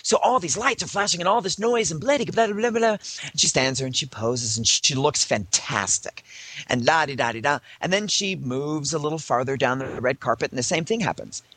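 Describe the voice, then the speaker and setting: Man storyteller, bright husky voice, lively and theatrical, mimics voices, dry close mic. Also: a little high, normal speed, dry recording. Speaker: podcast co-host. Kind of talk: casual storytelling chat.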